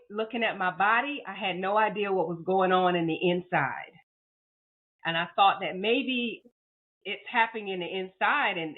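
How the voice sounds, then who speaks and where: A woman guest telling a painful personal story in an interview, heartfelt and emotional, often repeating words and acting out her own past thoughts. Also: mid-range voice. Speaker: podcast guest. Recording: phone-like narrow audio.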